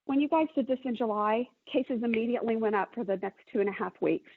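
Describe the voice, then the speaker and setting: Caller, woman, high husky voice, emotional and pleading, phone-line sound. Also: fast talker, no echo. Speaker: public commenter. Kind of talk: public comment by phone. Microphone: phone call.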